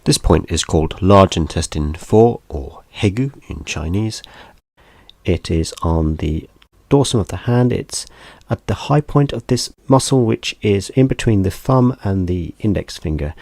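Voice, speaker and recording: Man, very low voice, dry close sound, soft-spoken, gentle massage tutorial. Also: animated, measured pace, gravelly, dry recording. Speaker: massage instructor. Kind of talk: calm instructional demonstration.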